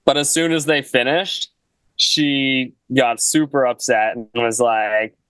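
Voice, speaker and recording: A man's voice: medium pitch, steady tone, slow, fairly bright tone, clear, resonant tone, dry recording, rough recording. A young man, a guest musician, telling a casual story in a laid-back way, full of "like" and "you know.". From Canada.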